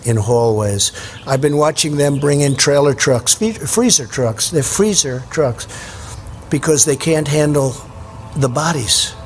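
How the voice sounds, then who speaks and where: A man's voice: on the high side, unhurried, slight background noise. Grave, emphatic man. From Queens, New York.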